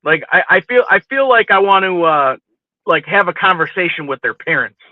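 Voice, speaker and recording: Profane, animated man telling a story. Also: high-pitched, moderate pace, dry recording. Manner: profane, animated, keeps asking "you know what I mean". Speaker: podcast host telling a story. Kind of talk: casual storytelling chat. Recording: dry, phone-like lo-fi sound.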